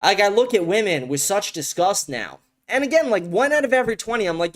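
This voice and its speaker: A man's voice: high-pitched, animated, brisk, hardly any pauses. A young man hosting a live-stream show, ranting in heated, profane bursts and repeating his points over and over. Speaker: show host.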